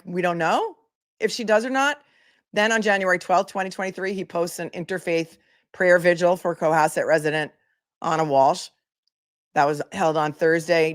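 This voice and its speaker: A woman attorney giving casual commentary, chatty and incredulous, reading posts aloud. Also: lowish voice. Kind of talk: casual commentary on a legal case.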